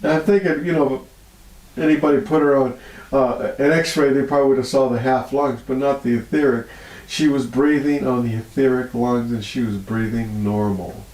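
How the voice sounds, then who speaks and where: The recording is low quality and echoey as a man, a healer being interviewed, shares stories at a moderate pace. He's a lively storyteller full of feeling, laughing frequently, his voice going high when something moves him.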